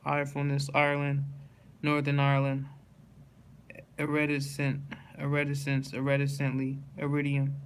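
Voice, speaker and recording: A man reading dictionary words aloud one after another in a slow, steady monotone, stumbling and restarting on hard words. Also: mid-range voice, slight background noise.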